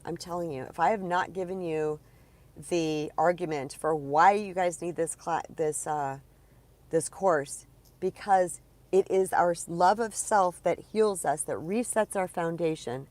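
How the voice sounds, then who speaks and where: A woman's voice: on the low side, a little slow, darkish tone. A woman speaking as a spiritual coach, giving an earnest, encouraging talk to viewers of a live stream in a conversational way.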